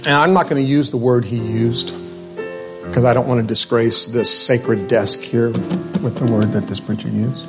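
A man's voice: medium pitch, steady tone, normal speed, over music. A male pastor giving a sermon in a conversational way, with asides and restarts.

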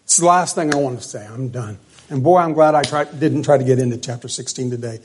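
A man preaching a sermon, stressing words hard and then dropping to quiet lines. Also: mid-range voice, quick pace, slight background noise. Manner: emphatic, swings between loud stresses and quiet drops.

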